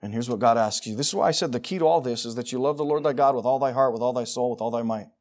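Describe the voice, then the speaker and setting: A man preaching a sermon, moving between quiet, intimate asides and loud, emphatic passages as he reads scripture. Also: mid-range voice, racing.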